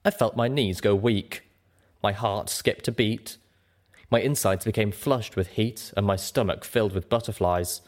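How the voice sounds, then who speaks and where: A man narrating a story aloud as an audiobook reader, with an expressive, dramatic delivery. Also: fairly low pitch, a little slow. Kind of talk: scripted narration.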